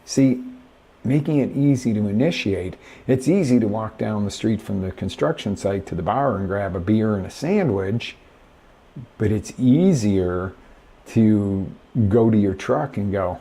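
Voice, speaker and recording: Gravelly, animated male life coach. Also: lowish voice, unhurried. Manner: animated, emphatic, talks straight to viewers. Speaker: life coach hosting a live show. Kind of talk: motivational live-stream talk.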